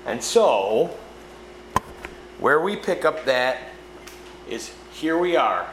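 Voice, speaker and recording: A man's voice: medium pitch, big pitch swings, very slow, long pauses. A man preaching a conversational sermon, often checking in with his listeners. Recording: echoey room with background noise.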